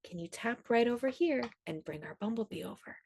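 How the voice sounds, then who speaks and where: A woman's voice: on the high side, animated, a little fast, gravelly, darkish tone, a little hiss or hum. A woman music teacher, upbeat and enthusiastic, explaining classroom activities to other teachers.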